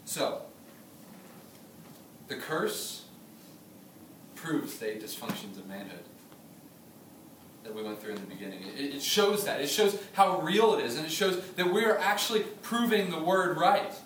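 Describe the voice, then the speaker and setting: A man in his thirties preaching a sermon, chatty and humorous, telling stories with lively asides. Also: fairly high pitch, unhurried, long pauses, slight background noise. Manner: conversational preaching, humorous asides, animated storytelling. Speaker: pastor. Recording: echoey room from a distance.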